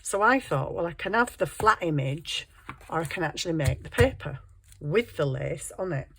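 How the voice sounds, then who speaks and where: A woman's voice: deep voice, lively intonation, moderate pace, fairly bright tone. A woman with a scratchy throat, chatting casually about her crafting project and now and then addressing her cat. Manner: chatty, self-deprecating, talks to her cat. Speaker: crafting vlogger. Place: home craft desk.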